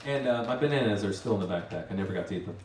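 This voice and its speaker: A man's voice: fairly low pitch, animated, very fast, darkish tone, slight background noise. A man hosting a live story night, telling a story in a rambling, self-mocking way with many restarts. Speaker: master of ceremonies telling a story. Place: live event venue with an audience. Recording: roomy, distant mic, faint ambience.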